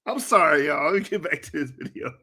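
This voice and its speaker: Animated high-voiced man ranting. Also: quick pace, breathy edge. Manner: exasperated, ranting, laughs often. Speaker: reaction video host. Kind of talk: casual reaction commentary.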